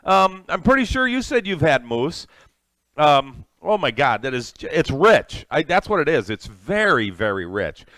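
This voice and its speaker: A man's voice: fairly high pitch, sing-song, a little slow, a bit bright, no room sound. Chatty, rambling cooking streamer man. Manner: rambling, chatty, with many fillers and restarts; reads viewer names from chat and thanks them. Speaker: cooking livestream host. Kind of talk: casual live-stream chat.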